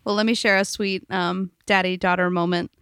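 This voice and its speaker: A woman's voice: lowish voice, flat delivery, brisk, fairly bright tone, smooth, no room sound, clean studio sound. A young woman co-hosting a podcast in casual chat, telling stories and acting out quotes with laughs. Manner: chatty storyteller, acts out quotes with laughs. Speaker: podcast co-host.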